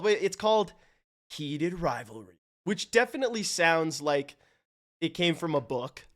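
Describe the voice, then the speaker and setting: A man livestreaming, telling stories and chatting casually with his viewers, animated and loose with swearing. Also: sits high, normal speed. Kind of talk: casual chat with stream viewers.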